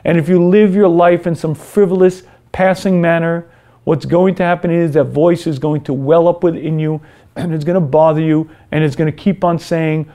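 A man teaching a moral lecture in an earnest, storytelling way, often clearing his throat. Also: on the high side, steady tone, normal speed, mellow.

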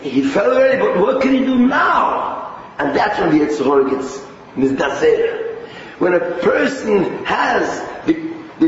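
A high-pitched man with a Yiddish-inflected English accent preaches animatedly and often restarts his phrases. He is heard from a distance in a large, strongly echoing hall. The sound is muffled, with a faint hiss of noise behind him. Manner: animated, mixing Yiddish and Hebrew terms, many restarts. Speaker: rabbi giving a Torah talk. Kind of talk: sermon.

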